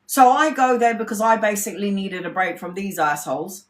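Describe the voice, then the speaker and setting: A woman's voice: mid-range voice, animated, brisk. Woman tarot reader, livestream chat, rambling, blunt with swearing, echoey room. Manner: candid, rambling, swears freely. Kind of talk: casual livestream storytelling. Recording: roomy echo.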